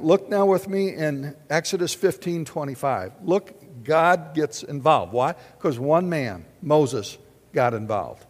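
Guy preaching a sermon, bit high voice, lots of questions to the crowd, long hall echo. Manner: animated, asks the congregation questions. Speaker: pastor.

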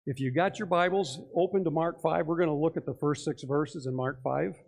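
An older man preaching a sermon, animated, acting out voices and putting questions to his congregation. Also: fairly high pitch, fairly quick, gravelly. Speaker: pastor.

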